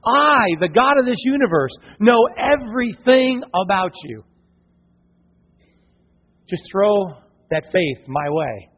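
God, slow and reassuring, as a pastor puts him on. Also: male voice, sits high, sing-song, dull audio, exaggerated voice. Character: God, calm all-knowing male deity.

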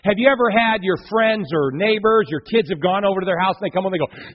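A man's voice: high-pitched, animated, moderate pace, slightly rough. A man preaching a sermon from the pulpit, acting out the voices of people in his stories. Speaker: pastor. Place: church sanctuary. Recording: dull lo-fi church hall reverb.

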